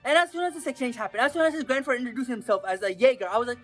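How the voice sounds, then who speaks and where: High-pitched woman ranting casually about an anime episode, slangy, faint music behind. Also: rapid-fire, hardly any pauses. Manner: slangy, excitable, swears, acts out quotes. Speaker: anime video creator. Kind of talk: casual commentary vlog.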